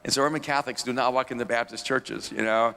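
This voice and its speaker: Gravelly man telling a story in a hall. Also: mid-range voice, steady tone, quick pace, bright, forceful tone. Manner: rambling, many restarts, laughs at himself. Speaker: pastor, interview guest. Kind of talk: storytelling in an interview.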